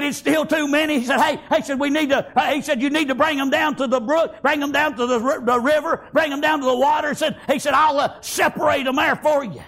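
A man preaching a fervent sermon, peppering his words with "praise God" and "amen" and often breaking into shouts. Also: extremely high pitch.

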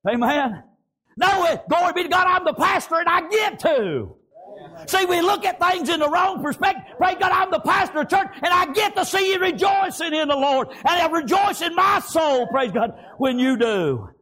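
An older pastor, preaching loudly and punctuating his sermon with frequent amens. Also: very high-pitched, animated, moderate pace.

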